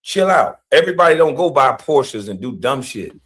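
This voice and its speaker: A man's voice: medium pitch, big pitch swings, moderate pace, fairly bright tone, breathy edge. Blunt ranting man, heated and mocking. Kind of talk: ranting commentary.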